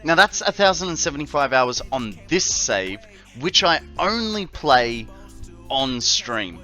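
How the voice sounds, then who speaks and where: Australian man, casual streamer, slow unhurried delivery, bright tone, faint music behind. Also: medium pitch, sing-song. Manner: jokey, chatty, many fillers. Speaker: game streamer. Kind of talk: casual live-stream chat.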